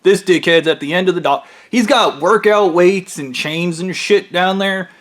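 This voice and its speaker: A man with a fairly high voice tells a crude story in a comic, off-the-cuff way. He is blunt and profane and mocks the people in his story at every turn. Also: moderate pace, a bit bright. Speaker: storyteller comedian.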